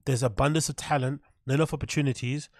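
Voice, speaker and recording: A man's voice: medium pitch, fairly even intonation, fast, no echo, studio quality. A man hosting his own podcast, ranting sarcastically about a clip, blunt and swearing, often laughing. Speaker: podcast host. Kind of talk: casual rant reacting to a clip.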